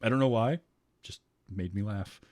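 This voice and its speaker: Low-ish guy hosting a chat show, joking around, laughs a lot, dry close mic. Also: moderate pace, a little mellow, no echo. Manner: chatty, laughs often, sarcastic asides. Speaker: podcast host. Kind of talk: casual chat.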